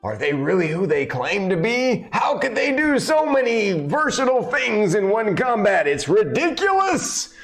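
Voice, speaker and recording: A man voicing an excitable male arena announcer in a tabletop game, exclaiming question after question. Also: high voice, normal speed, hardly any pauses, soft background music, voice pushed up. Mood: excited. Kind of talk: tabletop game role-play.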